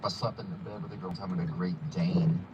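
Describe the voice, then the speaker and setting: A man's voice: low voice, fairly even intonation, fast talker, far from the mic, highs cut off, heavy background noise. A man in casual podcast chat, telling rambling, profane stories and laughing through them.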